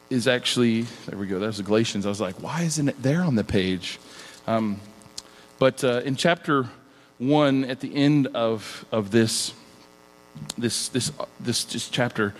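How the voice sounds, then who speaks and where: A middle-aged man preaching a conversational sermon, animated and chatty, often laughing between sentences. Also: mid-range voice. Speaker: pastor. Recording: long hall reverb.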